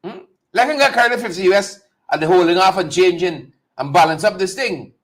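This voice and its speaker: A man hosting a live political talk show, talking straight to viewers in a mocking, animated way. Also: high-pitched, brisk. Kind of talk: casual live-stream commentary.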